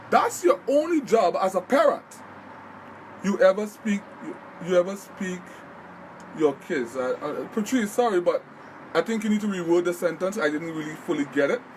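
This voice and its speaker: A man's voice: high-pitched, slight background noise, low-quality recording. A man giving earnest, repetitive motivational talk on a live stream, in the manner of a parenting advice host.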